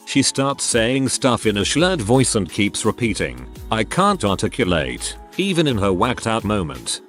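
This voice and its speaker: A man with a fairly low voice reads internet stories aloud in a steady, even way. Soft music plays faintly behind him. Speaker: narrator.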